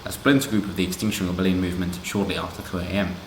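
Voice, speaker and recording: A man's voice: deep voice, fairly even intonation, very fast, a little hiss or hum. A man doing casual commentary on a news story, sarcastic and rambling with asides. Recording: roomy echo.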